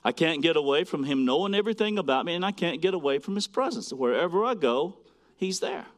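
A man preaching a sermon, swinging between loud, emphatic lines and quiet, hushed asides as he reads scripture to a congregation. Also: on the high side, lively intonation, fast. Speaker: pastor.

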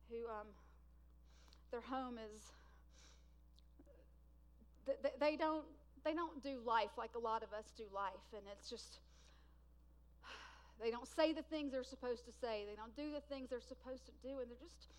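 Woman, high voice, preaching a sermon, loud emphatic bursts, hushed drawn-out lines.

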